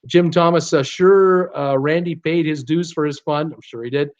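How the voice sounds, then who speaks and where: A man with a slight Canadian accent chats casually on a live stream, reading viewer comments aloud and laughing often between his many fillers. His voice sits fairly high. The audio is dull and lo-fi, recorded at home by his computer. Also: normal speed. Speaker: cruise channel host reading live chat.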